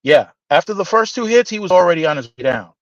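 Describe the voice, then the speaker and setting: A man telling a story in casual podcast chat, animated and profane, acting out the dialogue. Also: high voice, fast, dry recording. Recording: dull, slightly lo-fi dry sound.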